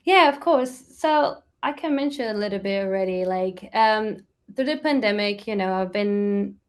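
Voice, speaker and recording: A woman's voice: medium pitch, expressive, moderate pace, smooth. A woman with a Brazilian accent talks as a podcast guest in a loose, rambling way. She keeps the chat casual and strings her thoughts together with plenty of fillers. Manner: chatty, rambling with many fillers. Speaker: guest musician.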